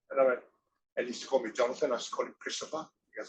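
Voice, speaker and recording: Man, rambling interview guest, animated storyteller, average pitch. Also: racing, low-quality recording. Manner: rambling, animated, acts out quoted voices. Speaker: interview guest, former wrestler and actor.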